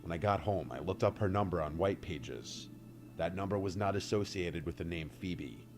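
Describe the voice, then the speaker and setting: A man reading a first-person story aloud in a steady, even manner. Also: low voice, normal speed. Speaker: story narrator. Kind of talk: narrated story read aloud. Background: faint music.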